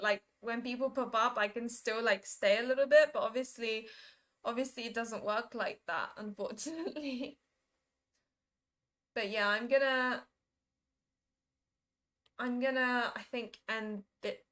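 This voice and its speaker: A woman's voice: on the high side, measured pace, sharp tone. A young woman chatting casually on a live stream, giggling often as she reads and answers viewers' messages. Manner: giggly, reads and answers chat, plays with pronunciations.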